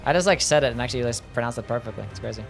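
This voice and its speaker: Music plays behind a gravelly, mid-range male voice that races along expressively. He's livestreaming a game from his home setup, loosely fielding viewer questions in casual chat, laughing and swearing at times.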